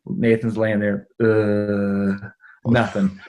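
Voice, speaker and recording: A middle-aged man, a guest on a podcast, tells a personal story at an everyday pitch. He is animated, voices the other people in it and laughs as he goes. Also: normal speed. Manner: animated, acts out quoted dialogue, laughs often. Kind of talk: conversational storytelling.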